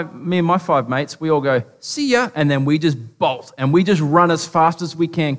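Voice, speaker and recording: A man with an Australian accent preaching a casual, humorous sermon, full of stories and asides. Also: fairly high pitch. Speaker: pastor. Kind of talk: conversational sermon. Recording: long reverb of a large hall.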